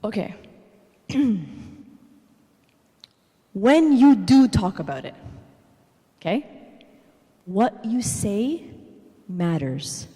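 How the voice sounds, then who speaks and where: A woman in her thirties giving a parenting talk at a church, telling animated personal stories and tagging her points with "okay?". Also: medium pitch, drawn-out words, long pauses, husky. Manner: animated storytelling, tags lines with "okay?". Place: church hall. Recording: reverberant church hall.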